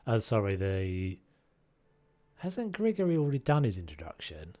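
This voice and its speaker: A man's voice: lowish voice, huge pitch swings, moderate pace, warm tone. A man with a Scottish accent, chatting casually and joking at himself while live-streaming a game. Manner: joking, self-mocking, swears mildly.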